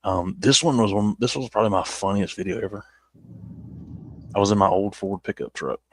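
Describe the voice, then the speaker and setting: A man's voice: lowish voice, a little fast, husky, dry recording. A man with a Southern accent chatting casually as he looks back on his old videos, rambling and poking fun at himself. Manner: rambling and self-mocking, with many restarts. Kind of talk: casual chat.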